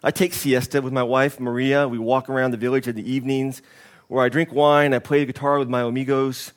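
A male preacher voicing a relaxed, contented village fisherman in a sermon story, speaking in an unhurried way. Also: a little high, lightly acted.

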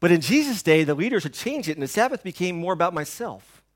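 A man preaches to his congregation in a somewhat high voice. He builds to loud emphatic lines, then sinks to near whispers. He keeps asking the listeners rhetorical questions as he goes. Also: very animated, fast. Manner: dynamic preaching, swings between hushed and loud. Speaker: pastor. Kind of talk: sermon.

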